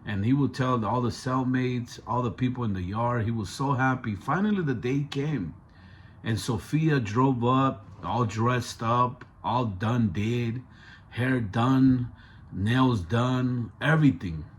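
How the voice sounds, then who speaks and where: A man's voice: medium pitch, slow. Guy telling a true story, laid back, slangy, slight background hum. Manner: conversational, street slang, asks the listener. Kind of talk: casual true-story narration.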